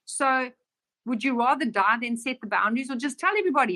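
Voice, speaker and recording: A woman giving a casual spiritual talk as a teacher, acting out bits of dialogue in a lively, raised voice. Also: high-pitched, fast talker. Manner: animated, acts out dialogue in raised voice.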